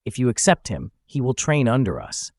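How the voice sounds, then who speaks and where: Older sect master, steady and commanding, read by a man, dry close sound. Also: mid-range voice, moderate pace, no room sound. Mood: solemn. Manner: steady and authoritative. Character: calm, authoritative elderly sect master.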